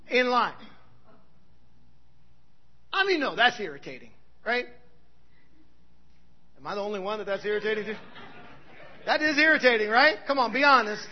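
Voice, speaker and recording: A man preaching a sermon in a bold, conversational way, dropping in "right?" asides and swinging from loud exclamations to quiet remarks. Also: very high voice, lo-fi sound. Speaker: pastor.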